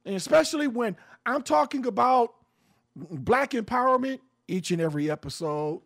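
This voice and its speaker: High, gravelly man ranting with fervor. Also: expressive, moderate pace. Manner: emphatic, preachy, swears freely. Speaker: radio show host, guest on a podcast. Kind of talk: passionate social commentary.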